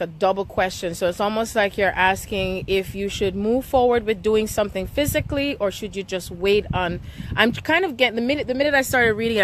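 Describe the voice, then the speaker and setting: Woman, spiritual reader on a live stream, emotional and earnest, mid-pitched, faint hiss behind. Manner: emotional, repeats "okay?" often.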